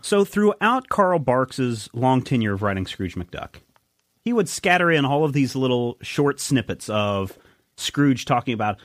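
A man hosting a podcast, enthusiastic and rambling, with a lively, swinging pitch. His voice is medium in pitch and sounds dry and close. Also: unhurried, no room sound. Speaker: podcast host. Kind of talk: casual podcast chat.

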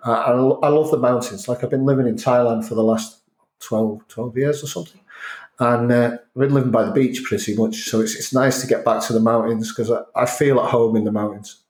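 A man's voice: mid-range voice, fairly even intonation, a little fast, a little mellow, roomy sound. A middle-aged man from North Wales with a North Welsh accent touched by Scouse and Manchester, talking reflectively in a casual conversation and often restarting his sentences. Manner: reflective, rambling with many restarts. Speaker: interview guest.

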